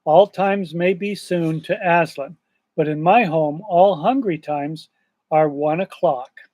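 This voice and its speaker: A man's voice: a little high, slow, darkish tone, no room sound. A man reading aloud as a kindly, sleepy old male magician who talks in a mild, chatty way. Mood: inviting.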